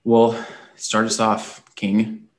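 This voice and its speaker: A man's voice: fairly low pitch, completely flat delivery, drawn-out words. A man co-hosting a sports podcast, sounding tired from an early morning and talking in a chatty, rambling way. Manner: chatty, rambling, with frequent "um"s and restarts. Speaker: podcast co-host. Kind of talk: casual sports podcast chat.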